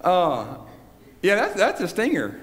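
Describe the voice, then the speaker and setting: A man's voice: sits high, huge pitch swings, slow pace. A man preaching a sermon in a church, quoting scripture and building to emphatic peaks. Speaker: pastor. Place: church sanctuary. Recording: long church reverb.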